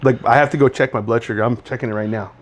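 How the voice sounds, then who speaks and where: A man's voice: mid-range voice, fairly even intonation, very fast, slight background noise. A young man co-hosting a podcast in laid-back casual chat, often saying "bro". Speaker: podcast co-host.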